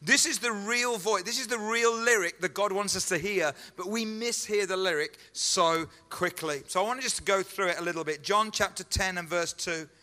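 Pastor guy preaching, earnest, keeps repeating himself, highish bright voice, echoey church hall. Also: normal speed, hardly any pauses. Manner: earnest and emphatic, with repeated phrases and rhetorical questions. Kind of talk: sermon.

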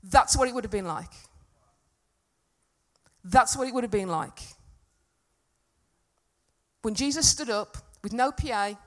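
Woman preaching to the room, earnest, goes loud then soft, slightly high voice. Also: animated, measured pace, long pauses. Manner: earnest, builds to loud emphatic peaks then drops soft. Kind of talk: sermon. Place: church hall with congregation.

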